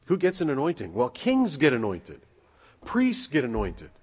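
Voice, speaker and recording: A man preaching a sermon in a relaxed, conversational way, asking his listeners rhetorical questions and pausing on fillers. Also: medium pitch. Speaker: pastor. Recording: husky voice with long hall reverb.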